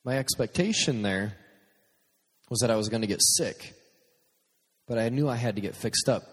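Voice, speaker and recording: A man's voice: medium pitch, normal speed, breathy edge. A man delivers a podcast sermon as a string of funny stories at his own expense, acting out every quote along the way. His voice sits in an ordinary middle range. It carries a long reverb, as if it were ringing through a large hall. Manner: humorous, self-deprecating, acts out quotes. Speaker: youth speaker and podcast host. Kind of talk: storytelling sermon.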